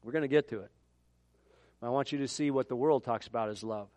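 A man's voice: medium pitch, fairly quick, darkish tone, no room sound. A middle-aged man preaching a sermon in a conversational way, with joking asides. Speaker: pastor.

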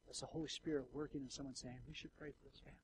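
Man pastor preaching in church, goes quiet then big and loud, bit of noise behind. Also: mid-range voice, flat delivery, very fast. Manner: preaching with wide swings from hushed to loud, ironic asides. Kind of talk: sermon. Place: church sanctuary.

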